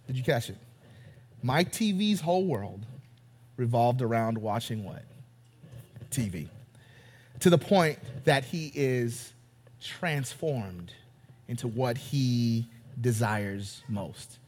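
A male pastor preaching an animated, joking sermon to a congregation in a church. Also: mid-range voice, takes it slowly, long pauses, breathy edge, in a large hall. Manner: animated, joking, retells scenes in character voices. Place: church sanctuary.

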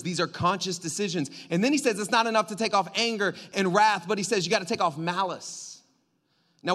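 High-voiced lively preacher man. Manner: lively, joking, call-and-response with the congregation. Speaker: pastor. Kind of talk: sermon.

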